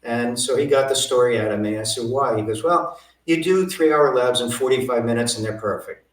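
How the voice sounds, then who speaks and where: A man's voice: medium pitch, brisk, echoey room, recorded from a distance, low-quality recording. A man telling stories as an interview guest, acting out the dialogue he quotes. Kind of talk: storytelling interview.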